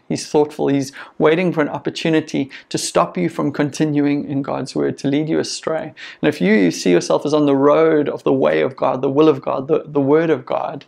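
Gravelly-voiced male pastor preaching. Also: a little high, a little mellow. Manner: earnest and encouraging, with conversational asides. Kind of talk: sermon.

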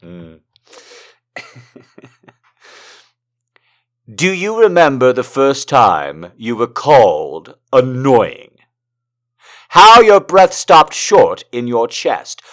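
Animated man reading poems aloud. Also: medium pitch. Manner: swings between slow dramatic recitation and fast excited banter; profane and joking between poems. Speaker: poetry reader. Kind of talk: casual poetry reading with commentary.

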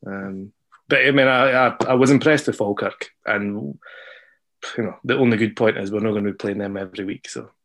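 A man with a fairly low voice talks through a football match as a podcast guest. He is measured and hesitant, often backtracking mid-sentence. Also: a bit bright. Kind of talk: casual podcast chat.

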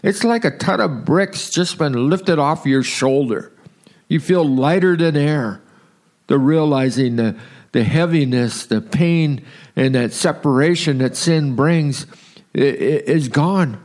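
A man from Southern California giving an earnest devotional sermon, slowing down to read scripture aloud. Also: on the high side, darkish tone. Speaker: preacher.

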